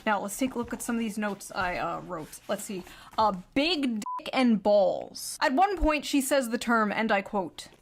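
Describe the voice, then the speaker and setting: A woman book reviewer in a scripted comedic video, speaking in a sarcastic, deadpan way. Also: medium pitch, normal speed, a little hiss or hum.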